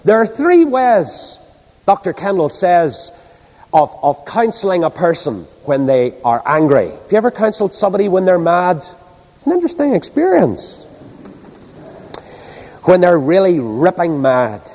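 A man delivers a sermon with an animated, up-and-down voice that sits a little high for a man. He often turns rhetorical questions on his listeners. His words ring out with a long reverb, as in a big church hall. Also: measured pace. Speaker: preacher.

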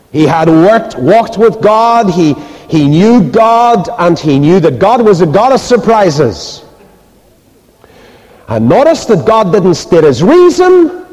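A man's voice: sits high, unhurried. A man preaching a sermon, telling stories and asking rhetorical questions. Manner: animated storytelling, rhetorical questions, acts out quoted voices. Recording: reverberant hall.

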